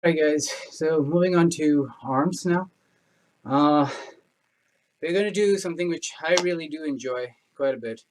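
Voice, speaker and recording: A man's voice: a little high, moderate pace, slight background noise. A man leading a workout class, panting from the exercise and chatting and joking through the effort. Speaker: fitness instructor. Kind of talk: home workout class instruction.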